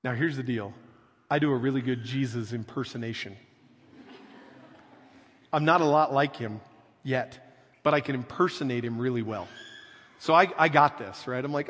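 A man preaching a sermon as pastor, speaking slowly and earnestly, often dropping to a soft, quiet delivery for emphasis. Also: mid-range voice, in a large hall. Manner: slow, earnest preaching with soft dramatic drops.

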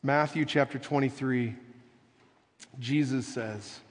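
A man preaching a sermon as pastor, speaking slowly and earnestly, often dropping to a soft, quiet delivery for emphasis. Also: mid-range voice, long reverb tail. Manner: slow, earnest preaching with soft dramatic drops.

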